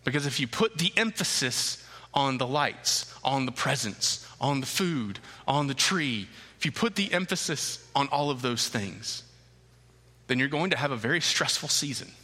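Man, pastor, sermon, emphatic repeated phrases, tense bright tone, long church reverb. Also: mid-range voice, expressive. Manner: emphatic, repeats key phrases with slow deliberate stresses. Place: church sanctuary.

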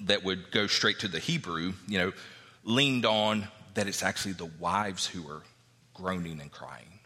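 Bright-voiced pastor preaching in a hall. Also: male voice, on the low side. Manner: explains scripture, reads verses aloud, conversational. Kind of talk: sermon.

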